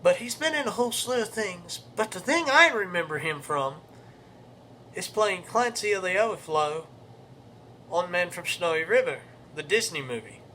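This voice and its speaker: A young man hosts his own show in a high, lively voice, talking briskly with hardly any pauses and a sharp tone. He rambles and corrects himself in a casual monologue, also reciting poetry aloud. Slight hiss or hum sits in the background.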